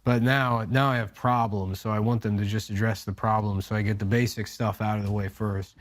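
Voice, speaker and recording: A man co-hosting a comedy podcast, talking in a rambling, halting, self-deprecating way. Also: lowish voice, level tone, no echo, clean studio sound. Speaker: podcast co-host. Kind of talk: casual comedic banter.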